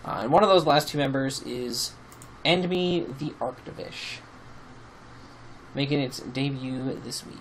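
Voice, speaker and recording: A man's voice: mid-range voice, unhurried, a bit bright, slight background noise, poor audio. Rambling man talking game teams. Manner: rambling, many fillers and restarts, swears casually. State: sleepy, yawning. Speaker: YouTube team-building host. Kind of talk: casual commentary over gameplay.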